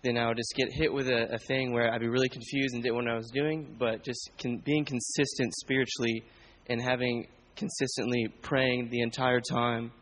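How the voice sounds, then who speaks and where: A man's voice: medium pitch, flat delivery, normal speed, few pauses, fairly bright tone, poor audio. A young man, a student, sharing a casual, hesitant testimony in a church group. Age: young adult. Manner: hesitant, many restarts.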